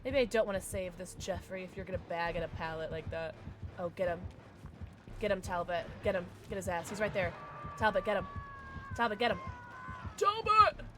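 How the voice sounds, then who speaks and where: A woman streaming a game live, chatting excitedly with viewers and her teammates and calling people love. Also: lowish voice, brisk, background noise. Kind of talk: live gameplay commentary.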